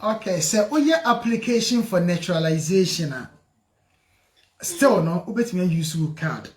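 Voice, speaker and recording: A man's voice: high voice, moderate pace, reverberant. A man hosting a call-in legal advice radio show, mixing Twi and English. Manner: lively, laughs easily, switches between Twi and English.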